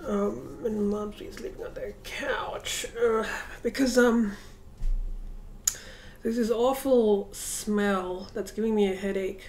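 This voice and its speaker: A woman's voice: medium pitch, fairly even intonation, takes it slowly, a little mellow. A woman talking casually to a camera set up across a room at home, reflective and rambling, with many hesitations. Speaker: vlogger. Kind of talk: casual vlog monologue.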